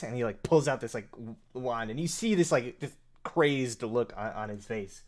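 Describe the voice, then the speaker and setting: A man narrating a tabletop game as game master, halting with frequent fillers and restarts. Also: medium pitch. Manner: hesitant, many fillers and restarts.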